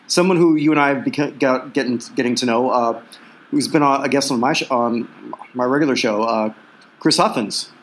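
A man's voice: medium pitch, fairly quick. A Canadian man hosting a casual sports talk show, chatty and full of questions and fillers. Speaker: sports podcast host.

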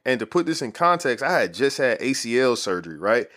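A man's voice: medium pitch, sing-song, fairly quick, fairly bright tone. A man in his thirties telling a story in casual, slangy talk full of "like" fillers. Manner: laid-back, slangy, lots of "like" fillers.

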